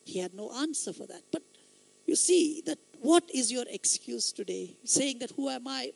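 A man with a light, high voice often taken for a woman's, preaching a sermon with emphatic storytelling that swells into loud exhortation. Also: expressive, normal speed, vocal fry, dry recording.

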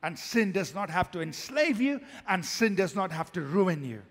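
A male pastor preaching a sermon, swinging from emphatic, loud declarations to hushed, quiet lines. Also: sits high, normal speed, breathy edge, in a large hall.

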